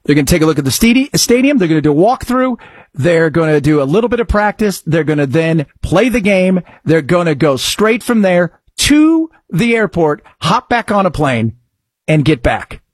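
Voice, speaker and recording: A man's voice: a little high, very animated, normal speed, husky, no echo. A man hosting a radio talk show, chatting casually and jokingly about sports and news. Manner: chatty, rambling, jokey.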